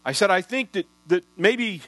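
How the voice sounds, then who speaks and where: A man's voice: high voice, animated, normal speed, fairly bright tone, no echo, rough recording. Folksy man in his sixties preaching. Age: 60s. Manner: folksy, rambling with restarts. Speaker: pastor. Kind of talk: sermon storytelling. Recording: dry with mains hum.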